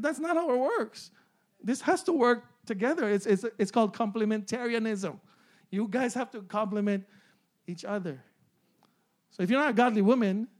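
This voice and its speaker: A man in his forties preaching to a congregation in a fairly high voice. He repeats key phrases, keeps checking in with "amen?" and "right?", and laughs easily as he goes. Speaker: pastor. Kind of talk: sermon.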